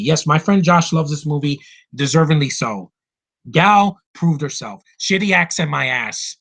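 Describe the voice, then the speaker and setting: A man with a somewhat high, husky voice gushes and grumbles through his favorite films of the year. He talks in loose bursts, swears casually and often backs up to restart a sentence. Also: fairly bright tone, poor audio. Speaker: movie reviewer. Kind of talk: casual film review rant.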